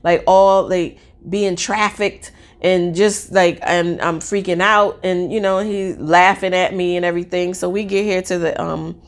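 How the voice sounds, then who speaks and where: Excitable rambling woman telling a story. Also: fairly low pitch, a little slow, hardly any pauses. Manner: rambling, excitable, many fillers. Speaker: mother telling a personal story. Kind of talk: casual storytelling.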